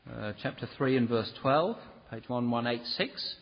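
A husky, slightly breathy male preacher delivers an earnest sermon, pleading with his listeners and slipping into the voices of the grumblers he quotes. The sound is dull and lo-fi, with a long hall reverb trailing each phrase. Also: medium pitch, big pitch swings, normal speed, few pauses. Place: church.

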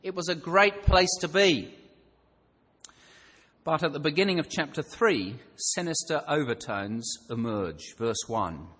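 A man's voice: on the high side, lively intonation, a little slow, fairly bright tone, breathy edge, long reverb tail. A man preaching a sermon in a conversational way, thinking aloud and asking rhetorical questions.

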